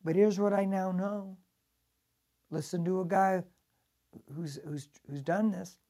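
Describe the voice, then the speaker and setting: A male pastor preaching a sermon, telling the story dramatically and swinging from loud to hushed. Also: sits high, steady tone, takes it slowly.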